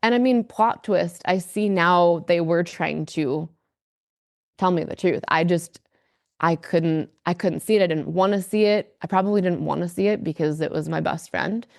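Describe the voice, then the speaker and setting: A woman's voice: on the low side, moderate pace, creaky, a little mellow, dry recording, clean studio sound. A woman as a podcast guest, speaking candidly and emphatically, with a lot of fillers. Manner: earnest, emphatic storyteller, many fillers.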